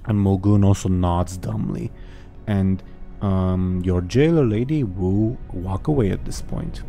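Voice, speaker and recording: Guy game master narrating, lots of ums and likes, low dark voice. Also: unhurried, creaky, faint music behind. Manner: rambling, many fillers.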